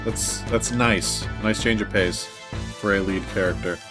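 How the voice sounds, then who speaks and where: A man streaming a video game, chatting casually and reading game text aloud in a relaxed way. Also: on the low side, a little slow. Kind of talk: casual let's-play commentary. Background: faint game music.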